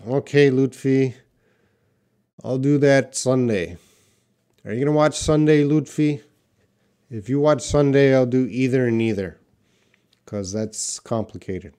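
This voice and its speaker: A man's voice: medium pitch, warm tone, clear, resonant tone. Male English teacher, patient explainer, live Q&A. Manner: patient, explanatory, repeats words slowly for learners. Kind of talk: live Q&A class, reading viewer questions.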